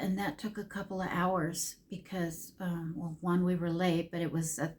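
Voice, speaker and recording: A woman's voice: fairly low pitch, a little mellow. A middle-aged woman chatting casually while doing her makeup, telling a long rambling story with emotional ups and downs. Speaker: makeup vlogger.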